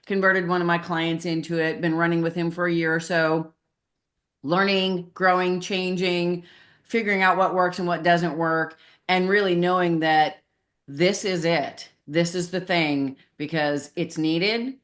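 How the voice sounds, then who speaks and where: A woman's voice: lowish voice, unhurried. A middle-aged woman, a podcast guest, talking candidly and animatedly about her business, acting out the voices in her stories. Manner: candid, animated storyteller who acts out voices in quotes. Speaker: podcast guest, marketing consultant. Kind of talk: casual interview chat.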